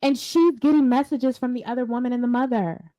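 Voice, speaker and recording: A woman's voice: on the high side, brisk. A woman co-hosting a casual pop-culture podcast, telling stories emphatically and acting out the quotes. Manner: animated, emphatic storyteller, acts out quotes. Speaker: podcast co-host.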